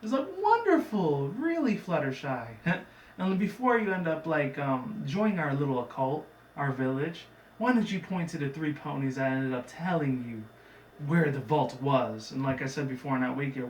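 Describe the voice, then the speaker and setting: A man's voice: medium pitch, a bit bright. A man casually recapping a cartoon episode in a chatty, digressive way, with lots of fillers. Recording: roomy, from a distant mic, faint background noise.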